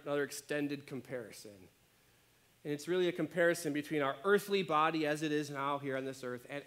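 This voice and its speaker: A man preaching a sermon as pastor, conversational and animated, often checking in with his listeners. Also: a little high. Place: church.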